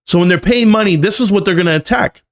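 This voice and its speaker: Guy live streaming market commentary, a bit high-pitched, lecturing, keeps repeating the numbers for emphasis. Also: fast talker. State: coughing, choked up.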